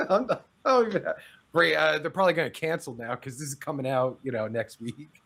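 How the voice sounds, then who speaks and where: A man hosting a podcast interview, excitable and rambling, swearing often. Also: fairly high pitch, normal speed, creaky, a little hiss or hum. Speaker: podcast host.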